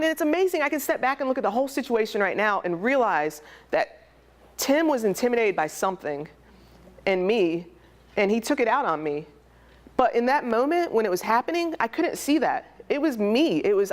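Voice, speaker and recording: A woman's voice: a little high, expressive, fairly quick. A young woman speaking candidly and emotionally at a conference, telling a personal story in a conversational way. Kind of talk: personal testimony talk. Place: conference hall.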